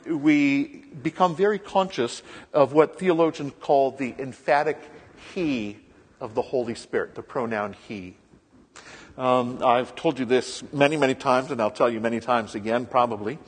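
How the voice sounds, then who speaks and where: A man's voice: mid-range voice, husky. A male pastor reads scripture and then teaches a sermon in a conversational way, with frequent ums and uhs. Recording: long echoing reverb of a large hall.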